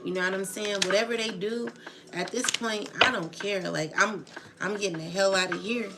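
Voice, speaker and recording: A woman's voice: mid-range voice, steady tone, normal speed, heavy background noise. A woman streaming live, ranting in agitated, profane casual slang and often asking "you know what I'm saying". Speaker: tarot channel livestreamer. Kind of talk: emotional livestream rant. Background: background music.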